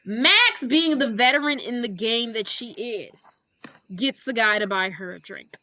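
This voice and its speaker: Bright-voiced sassy woman podcast co-host. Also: fairly high pitch, lively intonation, a little slow. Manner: acts out characters in quoted lines, sassy. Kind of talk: casual movie recap chat.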